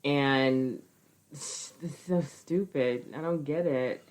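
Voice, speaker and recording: Low female co-host, blunt and exasperated, casual and unpolished. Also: takes it slowly, darkish tone. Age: adult with a school-age child. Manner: blunt, exasperated, swears freely. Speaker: podcast co-host. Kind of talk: casual chat.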